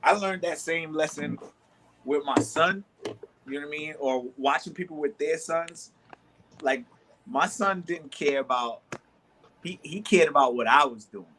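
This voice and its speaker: Casting note: New man in his thirties, bright slightly high voice, a passionate storyteller who repeats and restarts a lot. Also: unhurried, long pauses, a little hiss or hum. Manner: storytelling with many restarts, acts out both sides of arguments. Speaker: sports talk show co-host. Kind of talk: animated storytelling in casual chat.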